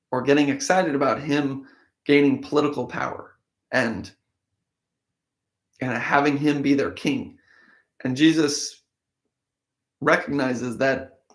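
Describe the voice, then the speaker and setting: A man with a slightly hoarse voice from a cold, reading a Bible passage and thinking aloud about it in a casual, conversational way. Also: mid-range voice, fairly bright tone. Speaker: host of a daily Bible reading show. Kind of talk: casual scripture reading with commentary. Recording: echoey room.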